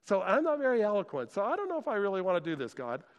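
A man's voice: high voice, huge pitch swings, rapid-fire, long reverb tail, dull audio, pitched above the performer's own voice, full character voice. A man voicing Moses as a hesitant, self-doubting older man, pleading and anxious.

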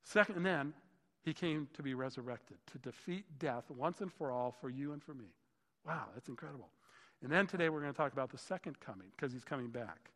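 A man's voice: mid-range voice, animated, fairly quick, a bit bright. A man preaching a sermon as a pastor, enthusiastic and often exclaiming in wonder. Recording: long reverb of a large hall.

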